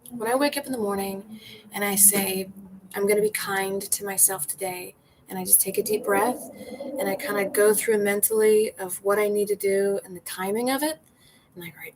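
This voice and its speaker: A woman's voice: medium pitch, noisy background. A woman bartender chatting casually to viewers on a livestream, laughing often and swearing freely. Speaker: bartender and comedian hosting a livestream.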